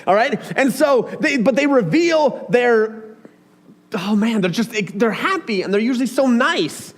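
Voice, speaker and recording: A man's voice: very high voice, moderate pace. A man preaching a casual, chatty sermon, talking straight to his congregation with asides and questions. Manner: chatty and animated, talks to the audience with asides.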